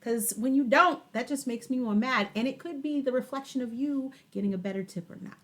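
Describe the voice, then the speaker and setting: A woman's voice: high-pitched, brisk. A woman co-hosting a podcast in casual banter, emphatic as she rants about pet peeves. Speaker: podcast co-host.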